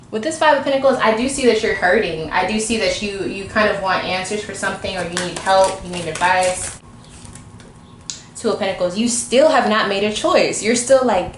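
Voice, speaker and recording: Chatty woman reading tarot in an echoey room. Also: medium pitch. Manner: chatty and informal, acts out the viewer's thoughts. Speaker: tarot reader. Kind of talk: casual tarot reading to camera. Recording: echoey room, faint background noise.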